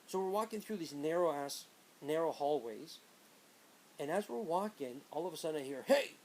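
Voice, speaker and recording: Rambling storyteller man, higher voice. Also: animated, moderate pace, a little mellow, a little hiss or hum, poor audio. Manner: rambling, conversational, with asides. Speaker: vlogger. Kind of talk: casual storytelling.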